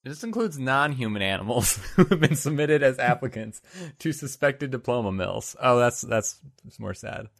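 A man co-hosting a casual podcast, reading a list aloud with small stumbles and quick reactions. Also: mid-range voice, lively intonation, creaky, a bit bright, no echo, studio quality. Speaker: podcast co-host, quiz contestant. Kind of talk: casual comedic chat.

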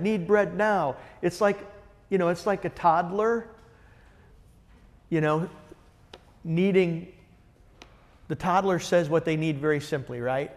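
Slow, enthusiastic man teaching with reverb. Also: on the high side, a little mellow. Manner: enthusiastic, conversational, asks the group questions. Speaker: Bible study teacher. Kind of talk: teaching a Bible study. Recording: long reverb in a large room.

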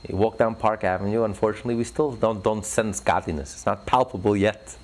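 A man's voice: mid-range voice, steady tone, a little fast, darkish tone. A man giving an impassioned religious talk in an interview, fervent and building to emphatic peaks. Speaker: religious speaker.

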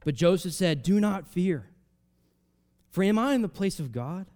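A man preaching a sermon, reading scripture aloud and explaining it in a conversational way, swinging between loud emphatic rises and soft drops. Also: high voice, lively intonation, unhurried. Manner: reads scripture aloud, then explains it casually with fillers.

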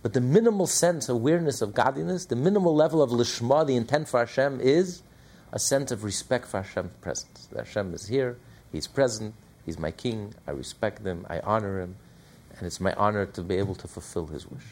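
Gravelly-voiced man teaching a Torah class. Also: medium pitch, fairly quick, a little hiss or hum. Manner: animated, asks and answers his own questions.

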